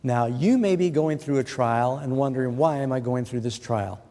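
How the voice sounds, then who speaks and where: A man's voice: medium pitch, moderate pace, mellow. A middle-aged man preaching a sermon in an earnest way, putting questions to his listeners. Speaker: pastor. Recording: long hall reverb.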